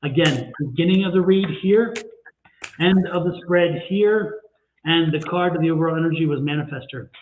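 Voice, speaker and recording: Man, tarot reader, chatty, high voice, echoey room, phone-line sound, faint hiss. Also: normal speed. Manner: chatty, repeats phrases, laughs easily. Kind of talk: livestream tarot reading chat. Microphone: livestream call audio. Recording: echoey, tinny phone-like stream audio.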